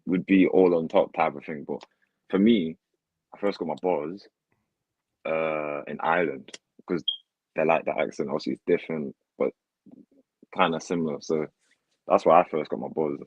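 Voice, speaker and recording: A man's voice: extremely low pitch, fairly even intonation, normal speed, pauses often, slightly rough, no echo, highs cut off. A man from Derby, England with an English Midlands accent, a guest rapper answering in a laid-back, slangy, rambling way. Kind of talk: casual interview chat.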